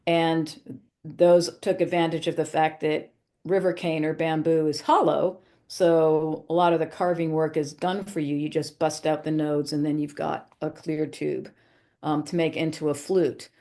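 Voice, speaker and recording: A woman with a lowish, mellow voice talks as a guest on a podcast. She explains things patiently and informatively, pausing now and then with an um. Her tone is relaxed and conversational. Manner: informative, explanatory, frequent ums. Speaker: flutist guest.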